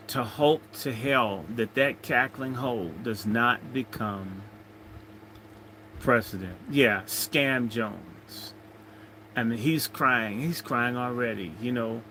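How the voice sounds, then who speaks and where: A man chats loosely on his livestream, greeting viewers and cracking jokes between their comments. His voice is bright and forward, and he talks at an unhurried, drawn-out pace. A faint hiss of noise sits under the recording. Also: medium pitch, poor audio. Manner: rambling, jokey, chatting to viewers. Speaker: livestream host. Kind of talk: casual livestream chat, reading comments.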